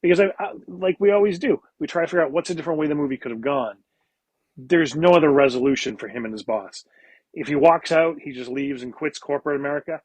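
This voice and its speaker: A man's voice: fairly high pitch, quick pace, a little mellow, no echo. A man who is a regular on a movie podcast, talking animatedly, swearing and restarting his sentences. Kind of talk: casual movie review chat.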